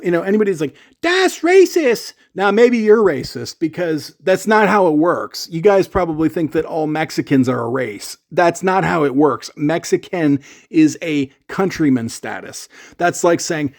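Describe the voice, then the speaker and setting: A man's voice: on the high side, normal speed, hardly any pauses. A man from Canada telling a rambling, chatty story to camera about shipping his gear. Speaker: gear vlogger.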